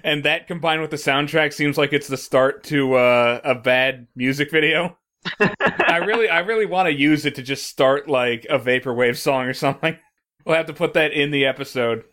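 A man's voice: fairly high pitch, normal speed, pushed and bright. Joking, profane podcast guy from Missouri. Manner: joking, profane, stammering restarts. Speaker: podcast co-host. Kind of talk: casual podcast chat.

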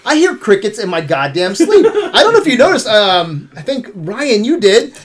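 A man's voice: high-pitched, moderate pace. Man, podcast host; casual profane ranter. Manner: profane, animated ranting.

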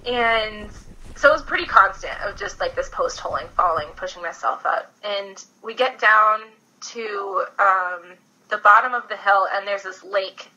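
A woman, a podcast guest, telling a story in casual, animated chat full of "like" fillers. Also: medium pitch, low-quality recording. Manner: animated, chatty, frequent "like" fillers.

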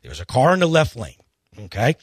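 A man's voice: mid-range voice, wildly swooping pitch, brisk, husky, dry recording, studio quality. A man hosting a golf radio show, pleading earnestly in a rambling rant full of restarts. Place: radio studio.

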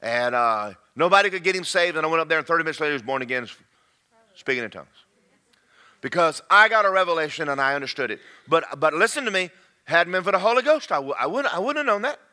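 A man preaching a sermon to a congregation, swinging between loud shouts and quiet, confiding asides. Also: a little high, animated, quick pace.

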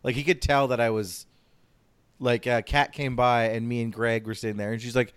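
A man's voice: medium pitch, little pitch movement, moderate pace, fairly bright tone, clear, resonant tone, no echo. A man chatting casually as a podcast co-host, rambling and swearing freely. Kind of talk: casual chat.

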